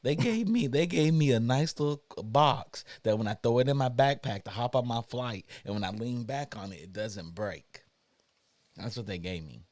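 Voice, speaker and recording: A man's voice: mid-range voice, expressive, moderate pace, darkish tone, no echo. Opinionated male guest, casual rant, dry close sound. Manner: opinionated, emphatic ranting. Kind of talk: casual chat.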